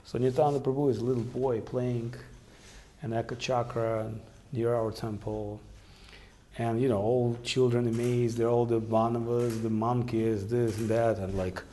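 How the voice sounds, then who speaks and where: A man telling devotional stories in a halting way with many fillers. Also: mid-range voice, little pitch movement, dark tone, a little hiss or hum. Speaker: storyteller. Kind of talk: devotional storytelling.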